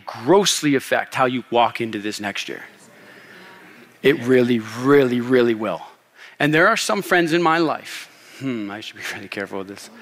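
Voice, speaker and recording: A pastor in his thirties tells a story from the pulpit, animated and quick to laugh. His voice sits a little high for a man. The sound carries a long reverb from the church hall. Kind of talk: sermon. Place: church sanctuary.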